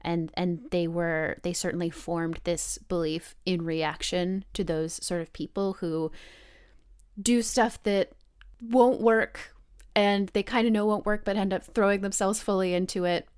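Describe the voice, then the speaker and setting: Woman player narrating her character in first person; smooth, clear tone, thoughtful, brightens for quoted lines. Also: a little slow. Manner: reflective, acts out quoted dialogue with lively pitch jumps. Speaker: player in a tabletop role-playing game.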